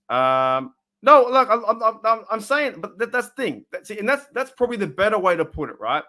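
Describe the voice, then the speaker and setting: An Australian man streaming from his room, ranting bluntly about his team, his voice rising loud and dropping to a mutter. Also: sits high, big pitch swings, normal speed. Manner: fired-up, blunt, swings between loud and muttered. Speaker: sports fan streamer. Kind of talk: emotional live-stream rant.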